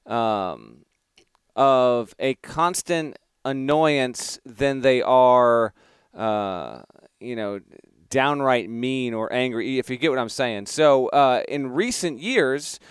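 A man's voice: mid-range voice, takes it slowly, clean tone, no echo, studio quality. A man co-hosting a late-night sports podcast, explaining at length with frequent fillers. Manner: rambling explanations with many fillers.

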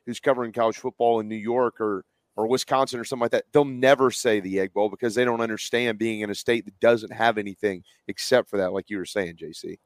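A man's voice: lowish voice, steady tone, fast, few pauses, no room sound. A man with a Southern US accent hosting a casual sports podcast, leading the talk and handing off to his co-hosts. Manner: conversational, hands off to co-hosts. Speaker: podcast host.

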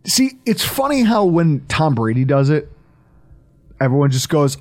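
A man's voice: a little high, sing-song, unhurried. A man hosting a casual sports podcast, joking, riffing and laughing as he talks. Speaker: podcast host.

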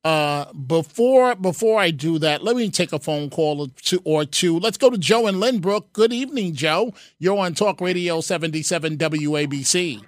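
A man's voice: fairly high pitch, expressive, moderate pace, hardly any pauses, dry recording, clean studio sound. A man hosting a talk radio call-in show, earnest, often repeating his phrases and taking calls. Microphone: studio mic.

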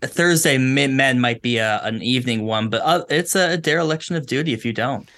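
A man co-hosting a podcast, chatting casually in a dry, low-key, wry way. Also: a little fast, pushed and bright. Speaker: podcast co-host.

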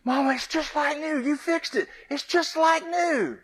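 A man's voice: measured pace, a bit bright, no room sound. A man voicing a small, anxious little girl who clings stubbornly to a broken shoe, in a sermon story. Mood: overjoyed. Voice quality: high childlike voice.

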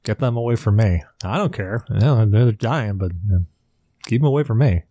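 A man's voice: lowish voice, lively intonation, normal speed, dark tone, no room sound, clean studio sound. A man co-hosting a podcast in casual chat, rambling and joking with plenty of swearing. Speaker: podcast co-host.

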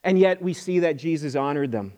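Pastor guy, middle-aged, preaching chatty, higher voice, stumbles and repeats words. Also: lively intonation, fairly quick, warm tone. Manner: conversational, repeats words and acts out quoted voices. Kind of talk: sermon.

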